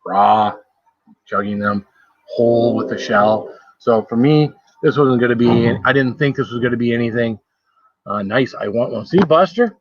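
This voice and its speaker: A man talking casually on a live stream, rambling from one thought to the next and greeting viewers by name. His voice sits at an ordinary pitch and sounds close and dry. The sound is a little dull and lo-fi. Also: fairly even intonation, moderate pace, no room sound. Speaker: food challenge livestreamer. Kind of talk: casual live-stream chat while eating.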